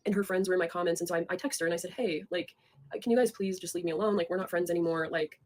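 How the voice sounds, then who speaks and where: Young woman, husky voice, quick rambling profane rant straight at viewers. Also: lowish voice, darkish tone. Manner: fast, profane, rambling, confrontational. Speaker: online creator talking to viewers. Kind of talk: heated casual rant.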